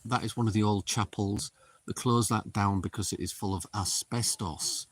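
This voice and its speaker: A middle-aged man, livestreaming a paranormal investigation outdoors in a windy cemetery and calling out slowly to spirits in a hushed voice. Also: fairly low pitch, steady tone, dry recording. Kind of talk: casual live commentary.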